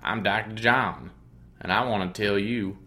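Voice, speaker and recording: A man's voice: on the low side, measured pace, pushed and bright. A man doing a folksy, drawling old-man impression. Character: drawling older man impersonating a famous musician.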